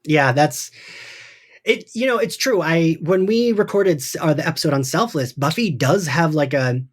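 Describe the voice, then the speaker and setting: A podcast host walks through an episode in loose, chatty conversation, slipping into quoted voices and laughing often. The voice sits at an average pitch. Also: animated, moderate pace. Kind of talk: casual podcast discussion.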